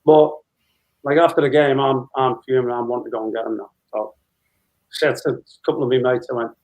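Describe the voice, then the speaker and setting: A man in his fifties, a former footballer, telling lively anecdotes with frequent laughter as an interview guest. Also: medium pitch, brisk, low-quality recording. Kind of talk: casual storytelling interview.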